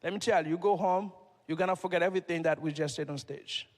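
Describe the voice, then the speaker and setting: A man's voice: a little high, fast. A middle-aged man with a Haitian accent giving a motivational speech from a stage, peppering the crowd with rhetorical questions. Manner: preachy, fires rhetorical questions at the audience. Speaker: motivational speaker. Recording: long hall reverb.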